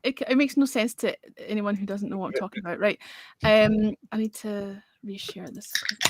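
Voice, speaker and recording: A woman's voice: mid-range voice, normal speed, dry recording. A woman hosting a music review livestream in casual chat, chatty and muttering to herself as she searches for things.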